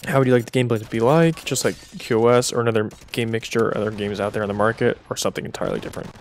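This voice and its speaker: A man's voice: medium pitch, fairly even intonation, very fast, a little hiss or hum. A young man answering viewer questions in a casual, chatty way, with joking asides. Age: young adult. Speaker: gaming video creator.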